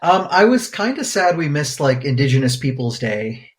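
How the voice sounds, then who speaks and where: A man's voice: a little high, sing-song, moderate pace. A man co-hosting a podcast as a pediatric infectious disease doctor, rambling in casual banter full of fillers. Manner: rambling, many fillers, laughs easily.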